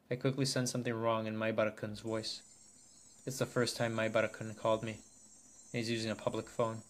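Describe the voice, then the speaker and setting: Flat-voiced male story reader. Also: medium pitch, quick pace. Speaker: narrator and reader of all parts. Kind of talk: amateur audiobook reading of a translated visual novel.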